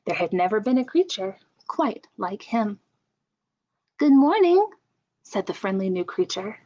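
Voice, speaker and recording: A young woman leading a children's story time, asking slow sing-song questions and making playful animal sounds. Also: medium pitch, darkish tone. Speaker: children's librarian. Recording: dull lo-fi camera audio.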